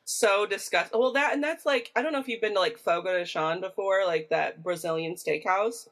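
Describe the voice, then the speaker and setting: A woman with a Midwestern American accent co-hosts a relaxed podcast. She talks in a chatty, animated way and keeps wandering into side notes. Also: mid-range voice, fairly quick. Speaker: podcast co-host. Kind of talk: casual chat.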